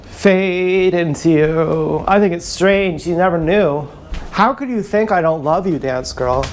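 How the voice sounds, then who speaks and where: A man's voice: sits high, animated, moderate pace. A man livestreaming from an action camera, rambling off the cuff in a playful, joking way. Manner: stream-of-consciousness, joking, playful. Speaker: livestreaming vlogger. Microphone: action camera mic.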